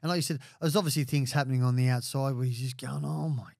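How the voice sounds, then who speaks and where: A man's voice: medium pitch, quick pace, creaky, dry recording, studio quality. A middle-aged Australian man telling stories bluntly in a casual podcast chat, full of swearing and acted-out quotes. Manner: blunt, sweary, animated when quoting others. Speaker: podcast guest.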